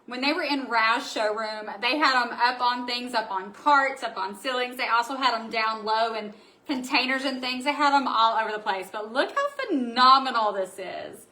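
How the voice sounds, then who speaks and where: Bubbly bright-voiced woman streaming live. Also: a little high, moderate pace, low-quality recording. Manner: bubbly, excitable, chatty with viewers. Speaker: craft shop owner. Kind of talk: live stream product showing.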